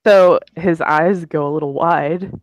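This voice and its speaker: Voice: mid-range voice, fairly even intonation, a little slow, slight background noise. A game master casually narrating a tabletop role-play and speaking for the characters, swearing now and then.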